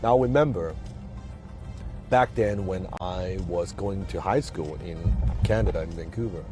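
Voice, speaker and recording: A man's voice: low voice, measured pace, music in the background. A man speaking English as a second language, giving an emphatic motivational talk with rhetorical questions and repeated key phrases. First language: not English.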